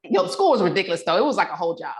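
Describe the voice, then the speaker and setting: A woman guest on a podcast, chatting casually and telling animated stories about her family. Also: fairly low pitch, rapid-fire. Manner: animated storyteller who acts out family quotes. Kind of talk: casual chat. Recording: roomy echo.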